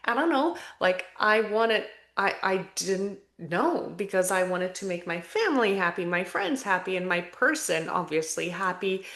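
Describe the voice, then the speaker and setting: A woman's voice: medium pitch, moderate pace, hardly any pauses, a bit bright. Woman speaking frankly in an echoey room. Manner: frank and self-reflective, with sighs and asides. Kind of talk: candid conversational podcast talk. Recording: roomy echo.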